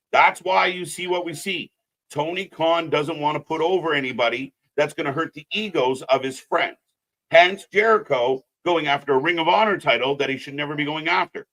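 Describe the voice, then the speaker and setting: A man's voice: fairly high pitch, fairly bright tone. A man co-hosting a live wrestling commentary stream, talking casually and bluntly, swearing and ranting with strong opinions.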